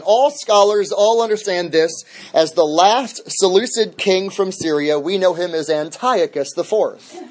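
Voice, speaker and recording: Guy pastor teaching bible study, fairly high voice, emphatic, repeats stuff for emphasis. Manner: emphatic, repeats key phrases.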